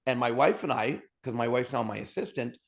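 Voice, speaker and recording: Energetic man telling stories. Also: medium pitch, a little fast. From Alberta, Canada. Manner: energetic, humorous storyteller acting out dialogue. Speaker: podcast guest. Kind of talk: storytelling interview talk.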